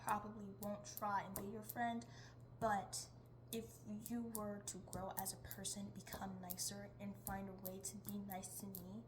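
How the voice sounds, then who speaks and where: A woman's voice: medium pitch, flat delivery, normal speed, noisy background. A young woman in her teens talking casually in a rambling vlog, chatty and jumping between topics. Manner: chatty, jumps between topics, laughs often. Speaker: vlogger.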